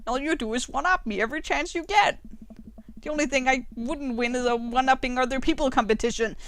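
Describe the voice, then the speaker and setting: A woman's voice: high voice, brisk, fairly bright tone, no echo. A woman reading the lines of a petty, jealous dad from a dating game, in a snippy, sarcastic way.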